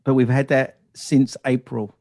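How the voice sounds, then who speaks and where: A man's voice: mid-range voice, level tone, unhurried, mellow. A man hosting a podcast interview, reading a scripted intro and then asking chatty questions. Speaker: podcast host.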